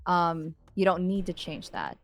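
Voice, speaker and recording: Relaxed woman giving easygoing advice. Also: on the low side, measured pace, soft background music. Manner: thoughtful, gives gentle advice. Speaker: audio and ASMR creator, guest. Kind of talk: casual podcast chat.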